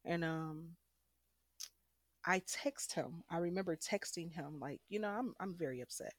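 A woman's voice: lowish voice, unhurried, dry recording, clean studio sound. A young woman frankly and emphatically telling a personal story as a guest.

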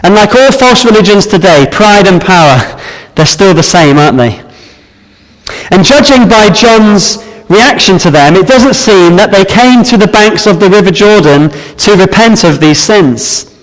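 Man, preacher, high voice, earnest sermon, long hall reverb. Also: lively intonation. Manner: earnest, measured Bible exposition with some restarts.

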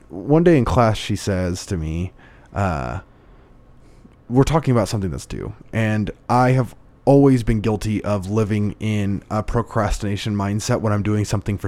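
Low-voiced reflective man telling stories. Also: darkish tone, no room sound. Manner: reflective, storytelling, with restarts. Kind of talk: casual conversation.

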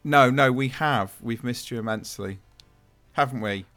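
A man's voice: mid-range voice, moderate pace, fairly bright tone, soft background music. A man in his thirties hosting a podcast, chatting casually and teasing his co-hosts. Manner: joking, teasing. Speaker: podcast host. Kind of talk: casual chat.

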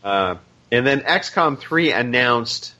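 A man's voice: medium pitch, expressive, slow pace, bright, forceful tone. A man co-hosting a gaming podcast in a casual, rambling chat full of fillers. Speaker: podcast co-host.

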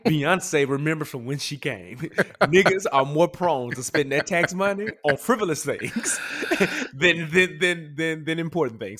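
A man chats on a podcast in a casual, animated way. His voice sits a touch high and swings widely in pitch as he tells stories and laughs often. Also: unhurried. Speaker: podcast co-host. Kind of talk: casual chat.

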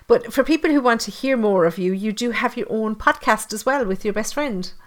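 A woman with a Tipperary Irish accent who hosts a podcast and chats casually and warmly with her guest. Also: a little high, fairly quick. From Ireland. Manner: chatty and friendly, frequent fillers. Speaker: podcast host. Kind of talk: casual interview chat.

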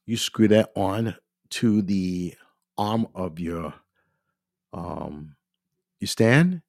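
A congested man hosts a podcast in a casual, chatty way, clearing his throat now and then. His voice sits low. It is recorded close and dry on a studio microphone. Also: no echo. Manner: addresses listeners as "ladies and gentlemen". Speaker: podcast host. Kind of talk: casual gear talk.

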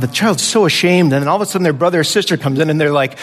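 A man's voice: fairly high pitch, quick pace, hardly any pauses, big-room sound. A man preaching a conversational sermon as pastor, now and then acting out voices of children.

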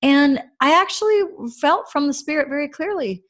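A woman's voice: sits high, animated, moderate pace, few pauses, a bit bright. A woman in her thirties, a podcast co-host and mother, talking earnestly and reflectively about faith, with many fillers. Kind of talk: casual faith-based podcast talk.

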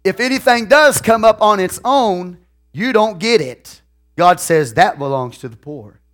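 A pastor with a Texan accent delivers a folksy sermon peppered with "okay?" and "hallelujah." He swings from soft asides to shouted lines in a high, expressive voice at a measured pace.

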